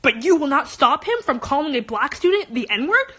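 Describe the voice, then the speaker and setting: A teenage high school student from Los Angeles tells an upsetting personal story as an emotional rant. She speaks animatedly in rapid bursts, restarting her sentences often.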